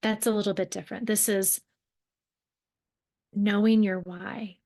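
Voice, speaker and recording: A woman's voice: medium pitch, little pitch movement, unhurried, dark tone. A young adult woman hosting a solo podcast, speaking earnestly and conversationally, often rephrasing herself and using fillers as she talks. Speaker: podcast host and mentor. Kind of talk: reflective solo podcast talk.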